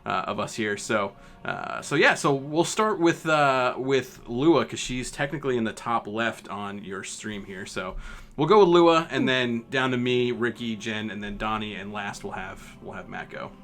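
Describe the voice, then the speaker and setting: A man's voice: mid-range voice, moderate pace, fairly bright tone. A man hosting a tabletop game stream, introducing the players in a rambling way with many fillers and restarts. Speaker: host.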